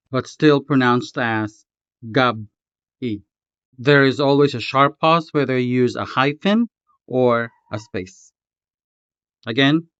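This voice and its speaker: Male language tutor, slow careful delivery, smooth voice, dry and slightly dull recording. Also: mid-range voice, a bit bright, dry recording. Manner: slow, careful, spells out syllables. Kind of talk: scripted lesson narration.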